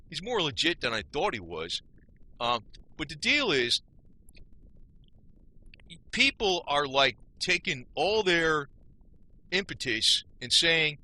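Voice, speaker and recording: A YouTube video maker rants angrily on his own channel in a sharp, rather high voice. He's blunt and repeats himself, using casual slang and peppering his monologue with "man" and "you know."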